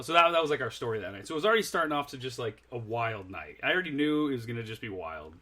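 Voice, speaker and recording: A young man's mid-pitched voice, neither high nor low, on a relaxed podcast. He tells a long anecdote, stops to correct himself, and laughs his way through it. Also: racing, few pauses. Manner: rambling, self-correcting, laughs mid-story. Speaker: podcast guest. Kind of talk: casual storytelling chat.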